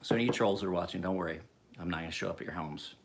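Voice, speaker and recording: Man, forties, lowish voice; profane, laughing vlog storyteller. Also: racing. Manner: profane, chuckling, rambling storyteller. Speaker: knife sharpener vlogger. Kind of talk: casual rambling monologue.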